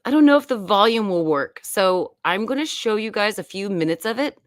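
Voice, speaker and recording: A woman's voice: medium pitch, lively intonation, brisk, no room sound. A woman, hosting a casual, rambling live-stream chat from home. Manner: chatty and rambling. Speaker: YouTube host.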